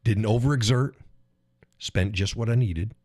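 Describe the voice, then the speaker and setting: A man's voice: fairly low pitch, measured pace, no room sound, clean studio sound. A man hosting his own live stream, talking casually and with a lot of swearing as he acts out frustrated drivers. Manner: profane, animated, acts out quoted drivers. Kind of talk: casual political rant.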